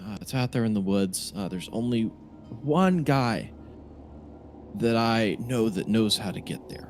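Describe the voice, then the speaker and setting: A man from Southern Louisiana narrating a tabletop game as game master, halting often with fillers and restarts. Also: fairly low pitch, darkish tone, slight background noise.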